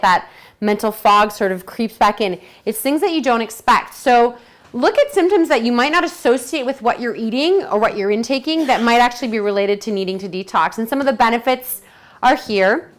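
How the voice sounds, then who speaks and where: A woman's voice: on the high side, a bit bright. A woman presenting a detox program to a group, talking chattily and enthusiastically and acting out her own quotes.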